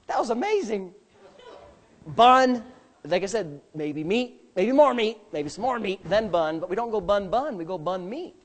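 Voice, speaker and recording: Unhurried and lively in intonation, a male pastor gives a sermon in a church sanctuary. He's emphatic, moving between loud bursts and quiet, joking asides.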